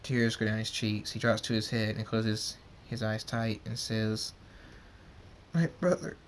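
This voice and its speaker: A man's voice: on the low side, completely flat delivery, measured pace, slight background noise. A man reading his pony fan story aloud as narrator, in a plain way with some stumbles over words.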